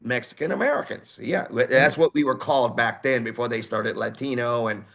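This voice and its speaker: A man in his sixties from Houston, a heavy metal singer telling stories as an interview guest in an animated way, acting out other people's voices. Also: medium pitch, a little fast, gravelly. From Houston, Texas. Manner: animated, acts out quoted voices. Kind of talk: casual interview storytelling.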